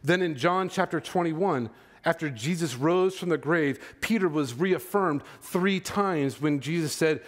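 A man preaching a sermon in a casual, animated way, with frequent filler words and asides to the congregation. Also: a little high, unhurried.

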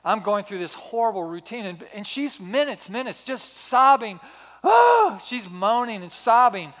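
A man in his sixties, a pastor telling a personal story in a sermon with animated, self-mocking humor. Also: sits high, moderate pace. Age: 60s. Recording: reverberant hall.

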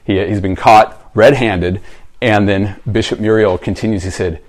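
A man's voice: fairly low pitch, fairly even intonation, normal speed, a little mellow. Conversational man preaching a sermon. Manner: conversational storytelling, asks the congregation reflective questions. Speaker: pastor.

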